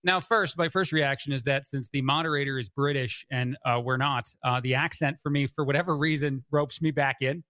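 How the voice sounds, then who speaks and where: A man's voice: medium pitch, fairly quick, hardly any pauses, bright, forceful tone, no echo. Rambling talk-radio man, dry studio sound. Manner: rambling, frequent "uh" fillers and restarts. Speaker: fill-in radio host.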